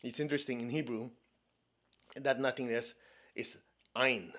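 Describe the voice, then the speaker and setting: A man's voice: medium pitch, steady tone, unhurried, a bit bright. A man from China giving a spiritual talk as a meditation teacher, conversational and playful, often checking in with his listeners. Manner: laughs often, playful asides.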